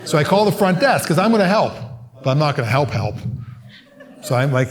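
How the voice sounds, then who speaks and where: A man performing stand-up comedy, telling animated stories and acting out voices and squawks. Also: on the high side, a little fast. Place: live comedy venue with audience. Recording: live stage recording, audience noise.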